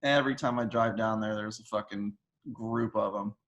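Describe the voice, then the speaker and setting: A man's voice: fairly low pitch, fairly even intonation, moderate pace, fairly bright tone. A man, a podcast co-host, talking in a laid-back way with crude quips in casual chat.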